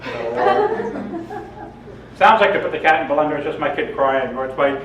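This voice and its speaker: A man's voice: a little high, wildly swooping pitch, moderate pace, crowd noise. A man giving a humorous seminar talk to an audience, telling jokes and stories and laughing often. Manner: joking, storytelling, laughs often. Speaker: seminar presenter. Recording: echoey room, mic from a distance.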